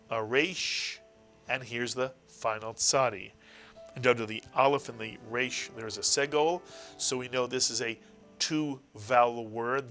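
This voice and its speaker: A man with a bright, forceful voice walks through a recorded language lesson. He stretches out key words and speaks them slowly and carefully. Faint music plays underneath. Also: mid-range voice. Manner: slow, careful enunciation of each word. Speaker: Hebrew teacher.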